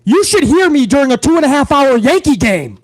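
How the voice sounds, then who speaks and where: Brash, high-voiced man ranting on a live stream. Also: sing-song, a little fast, dry recording. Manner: brash, loud, swearing. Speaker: host of a live wrestling talk show. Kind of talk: profane live-stream rant.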